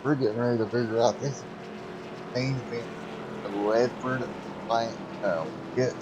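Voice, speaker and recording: A hoarse man doing excitable, rambling race commentary over a sim race, with many fillers. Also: medium pitch, measured pace, muffled recording, background noise.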